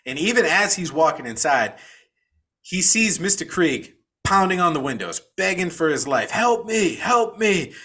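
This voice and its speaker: A man's voice: fairly high pitch, lively intonation, normal speed, pushed and bright, husky. A man co-hosting a podcast, recapping a film in a casual, profane storytelling way. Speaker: podcast co-host.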